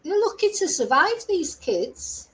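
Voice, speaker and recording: A woman's voice: very high voice, sing-song, a little slow, a bit bright, rough recording. A middle-aged woman giving chatty, exasperated livestream commentary as a true crime host. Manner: chatty, exasperated, laughs between remarks.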